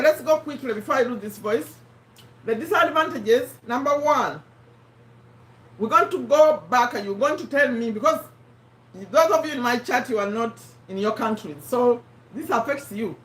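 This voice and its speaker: A woman's voice: on the high side, a bit bright. A woman from Uganda with a strained, failing voice, hosting a casual live stream and chatting with viewers by name. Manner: chatty, addresses viewers by name, repeats points. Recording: roomy and distant from the mic.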